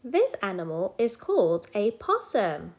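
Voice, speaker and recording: A woman teaching a children's phonics lesson, sounding out letters and animal names slowly and clearly for young learners. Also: mid-range voice, sing-song, darkish tone.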